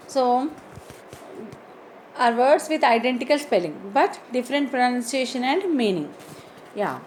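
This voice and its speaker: A woman teaching words in an online lesson, slowly spelling words out letter by letter. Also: high voice, slight background noise, low-quality recording. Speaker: English teacher.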